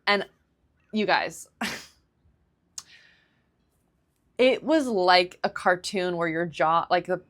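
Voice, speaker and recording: A woman hosting a solo podcast, telling a confessional story in an animated way, acting out her own reactions and filling her speech with "like.". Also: lowish voice, slow, pauses often. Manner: heavy use of "like" fillers. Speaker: podcast host.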